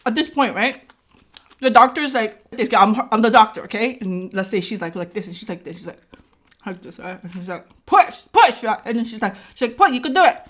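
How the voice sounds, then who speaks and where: A woman's voice: mid-range voice, fairly quick, a bit bright. A woman vlogger telling a personal story in a casual way. She acts out the dialogue and keeps checking in with "right?".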